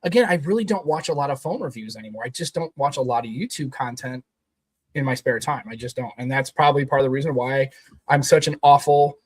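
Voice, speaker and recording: A man's voice: mid-range voice, fast, slightly rough. A man co-hosting a casual tech podcast, rambling and emphatic, swearing now and then. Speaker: podcast co-host.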